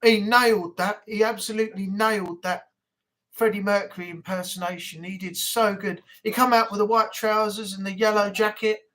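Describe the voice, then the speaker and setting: A man's voice: high voice, steady tone, normal speed, bright, forceful tone, poor audio. A man hosting a casual live-stream chat from home, rambling and chatty with lots of fillers. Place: home room.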